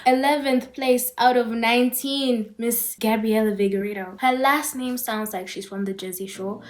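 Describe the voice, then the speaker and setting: A woman's voice: on the high side, fairly even intonation, moderate pace. A woman hosting casual reaction commentary, chatty and sarcastic with giggling asides. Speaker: reaction channel host. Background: faint lo-fi music.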